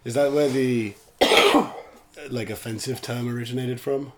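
A man in a casual chat, answering with dry, low-key quips. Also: steady tone, measured pace, noisy background.

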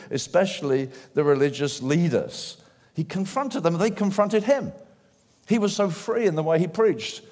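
A man preaching a sermon in church, animated and acting out the voices of people he quotes. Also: fairly high pitch. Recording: long hall reverb.

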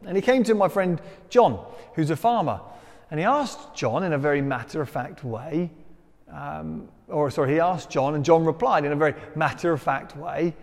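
A man's voice: on the high side, normal speed, creaky. Man preaching in a reverberant hall. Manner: conversational, self-deprecating storytelling. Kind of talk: sermon.

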